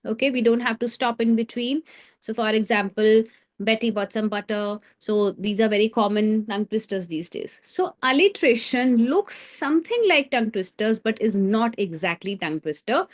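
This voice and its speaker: A woman leads a live online creative writing class for children. Her voice sits a little high, and she keeps drawing the viewers in with questions and encouragement. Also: moderate pace.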